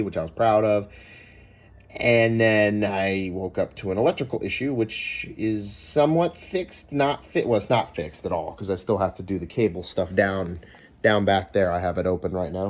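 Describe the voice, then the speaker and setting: A man's voice: on the low side, darkish tone. A man with a Californian American accent in casual vlog chat. He rambles and chats, with frequent ums and corrections of himself. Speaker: vlogger.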